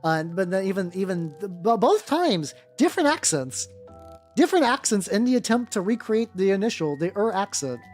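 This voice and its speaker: Rambling, animated miniature-painting streamer. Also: medium pitch, normal speed. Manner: rambling and animated, full of fillers and tangents. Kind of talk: casual chat while painting on stream. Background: faint background music.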